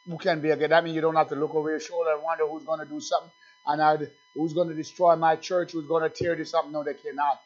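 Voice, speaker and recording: A male pastor preaching a sermon, swinging between loud shouted declarations and low murmured asides. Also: level tone, fast talker, muffled recording.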